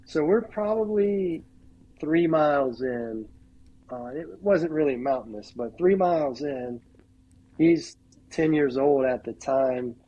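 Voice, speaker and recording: On dull audio, a middle-aged man guesting on a podcast slowly relates a hunting tale in a husky, high-leaning voice. His casual, animated telling is full of "like" and reenacted dialogue.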